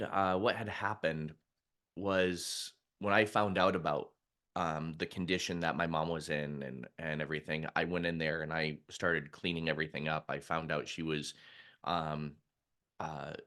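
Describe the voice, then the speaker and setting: A man's voice: low-pitched, fairly bright tone. A middle-aged man, a mindset coach, talking candidly and conversationally in a live stream, with frequent restarts. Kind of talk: live-streamed casual talk.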